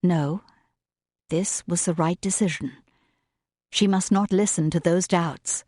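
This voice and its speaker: A woman reads a romance audiobook at a slow, measured pace. Her voice sits a little low and carries a soft breathiness, and the recording is close and dry. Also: no echo. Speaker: audiobook narrator. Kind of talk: scripted narration.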